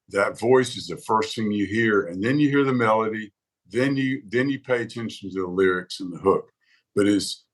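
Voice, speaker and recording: A man's voice: on the low side, rough recording. A man, a guest on a podcast, chatting casually and acting out other people's reactions as he tells stories. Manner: animated storyteller who acts out quoted reactions. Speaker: podcast guest, songwriter advocate. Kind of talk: casual interview conversation.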